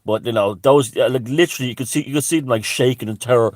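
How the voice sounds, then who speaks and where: A man's voice: mid-range voice, fast talker, a little mellow, no room sound. A man delivering a crude, scornful ranting monologue as a commentator, swearing heavily. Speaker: alternative-thinking commentator.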